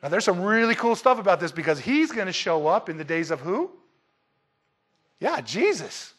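A man delivers a sermon with a slightly raised pitch for his sex. He jokes with his listeners and swings from loud, emphatic lines down to quiet asides. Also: moderate pace. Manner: lively, joking, dramatic swings in loudness. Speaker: pastor.

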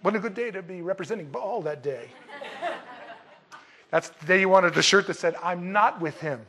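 A man's voice: high voice, moderate pace, pushed and bright. A man preaching a sermon in a conversational, emphatic way, with folksy asides to the congregation.

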